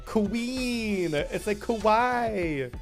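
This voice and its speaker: A man's voice: high-pitched, lively intonation, drawn-out words, soft background music. A young man livestreaming, chatting casually and teasing his chat with playful mock rants.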